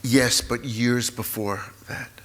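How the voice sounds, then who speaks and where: Man in his sixties, memoir author, live stage conversation, halting, emotional, mid-pitched voice. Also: fairly even intonation, fairly bright tone. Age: 60s. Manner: halting, repetitive, openly emotional. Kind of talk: emotional personal storytelling on stage. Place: live talk event in a hall.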